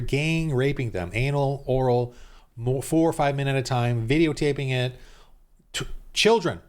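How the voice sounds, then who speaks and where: A man hosting his own channel, delivering an angry, indignant rant that keeps restarting sentences and swings between raised outbursts and low muttered asides. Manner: heated and indignant, with many repeated restarts. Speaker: YouTube channel host.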